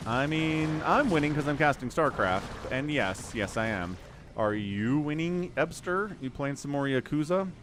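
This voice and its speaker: A man's voice: on the high side, lively intonation, measured pace, noisy background. A man casting a strategy game on a live stream, chatty, laughing often and greeting viewers. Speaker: game caster.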